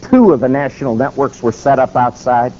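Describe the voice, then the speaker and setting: A man preaching a sermon with emphatic, animated storytelling. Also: medium pitch, a little fast. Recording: dull lo-fi with faint noise.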